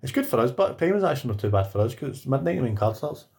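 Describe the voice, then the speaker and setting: A man's voice: mid-range voice, very animated, quick pace, gravelly, a little mellow. Scottish man, podcast co-host, casual chat, blunt, swearing, ranting. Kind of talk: casual chat about combat sports.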